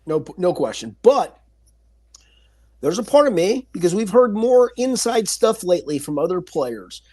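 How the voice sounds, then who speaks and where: High-voiced emphatic podcast host. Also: male voice, unhurried. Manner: animated, emphatic, stumbles and restarts. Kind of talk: casual sports talk.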